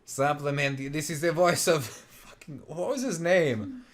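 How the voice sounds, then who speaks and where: Joking man playing a game, animated. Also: a little high, a little slow. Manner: joking, laughs easily, animated. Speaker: let's play host. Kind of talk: casual game commentary with his wife. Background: faint game music.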